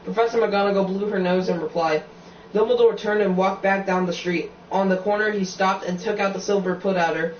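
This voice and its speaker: A man with a fairly high voice reads a novel aloud, often tripping over words and starting lines again. He sits back from the mic in an echoey room, and the sound is dull and muffled with faint noise behind. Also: steady tone, fairly quick, distant mic. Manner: stumbling reading with frequent slips and restarts. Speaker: reader.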